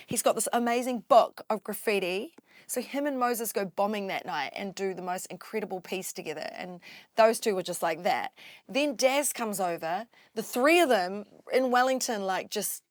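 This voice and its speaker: A woman tells stories in a loose, chatty way and keeps slipping into the voices of the people she describes. Her voice sits at a middle pitch, and the recording is dry and close, with no room sound. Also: moderate pace, dry recording. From New Zealand. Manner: animated, acts out quoted voices. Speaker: guest MC. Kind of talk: casual storytelling interview.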